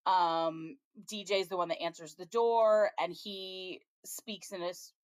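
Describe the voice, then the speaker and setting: A woman co-hosting a podcast, talking on a slightly low pitch. She recaps a TV episode in a loose, chatty way, dropping lots of ums and small laughs along the way. The sound is close and dry, with no room around her. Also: steady tone, unhurried, clean tone, dry recording. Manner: chatty, frequent ums, laughs while retelling scenes. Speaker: podcast co-host. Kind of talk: casual chat, recapping a TV episode.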